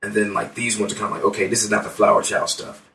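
A man's voice: fairly low pitch, flat delivery, fast talker, creaky, sharp tone, reverberant, distant mic. A man co-hosting a casual music podcast, rambling with many fillers and restarts. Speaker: podcast co-host.

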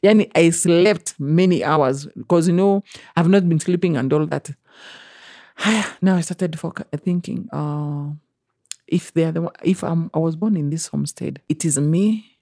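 Young Kenyan woman, guest storyteller, warm mellow voice, dry close sound, lively quoted voices. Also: deep voice, measured pace, vocal fry, dry recording. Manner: animated, acts out quoted voices, mixes in Swahili. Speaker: interview guest. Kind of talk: emotional personal storytelling.

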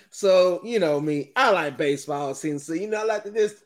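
Rambling, animated middle-aged man host. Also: high voice, moderate pace, hardly any pauses. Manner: rambling, animated, laughs often. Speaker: podcast host. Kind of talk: casual podcast monologue.

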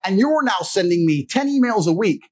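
A man's voice: high voice, animated, fairly quick. A man giving a blunt, profane, lecturing monologue as a podcast guest. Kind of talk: forceful monologue.

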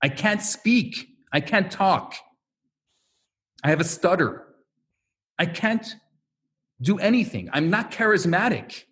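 A man's voice: sits high, expressive, takes it slowly, long pauses, a bit bright, exaggerated voice. A man voicing a humble, reluctant male prophet who pleads earnestly that he is not the best one for the job.

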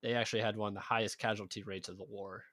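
A man's voice: lowish voice, flat delivery, very fast, a bit bright, dry recording. Man narrating history on a podcast. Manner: explanatory, matter-of-fact storyteller. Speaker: podcast co-host telling the history.

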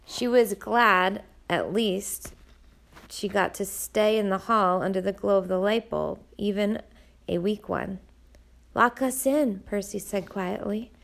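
A woman narrating an audiobook in a measured storytelling manner. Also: medium pitch, vocal fry.

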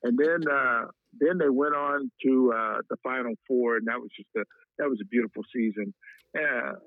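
A man's voice: medium pitch, steady tone, normal speed, dry recording. Man telling a story over a tinny line. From Wichita, Kansas, USA. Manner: frequent "uh" fillers, heartfelt and reflective. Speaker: guest. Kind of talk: storytelling interview. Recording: tinny phone-like line, dry.

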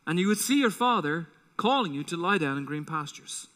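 High bright-voiced preacher in a reverberant hall. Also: male voice, brisk, hardly any pauses. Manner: animated preaching, acts out quotes with rising voice. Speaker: pastor. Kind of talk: sermon.

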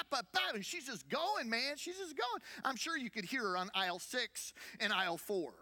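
High bright-voiced preaching man. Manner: conversational preaching with rhetorical questions and repetition. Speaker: senior pastor. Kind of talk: sermon.

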